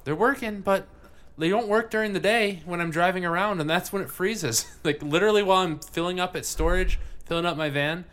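A man's voice: high voice, brisk, a bit bright. A man hosting a casual podcast, chatting and joking loosely while tasting beer. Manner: rambling, swears, laughs a lot. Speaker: podcast host.

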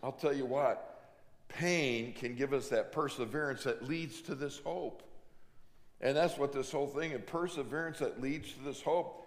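A middle-aged man preaching from the pulpit in a relaxed, storytelling way, slipping into the voices of the people in his stories. His voice sits at an ordinary male pitch, and a long reverb trails each phrase through the church. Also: normal speed. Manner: conversational storytelling, acts out quoted voices. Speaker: pastor. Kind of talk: sermon.

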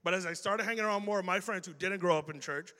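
A young man from Chicago with a Chicago accent, preaching a casual, animated sermon to a youth crowd and acting out quoted exchanges. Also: high-pitched, quick pace. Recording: long hall reverb.

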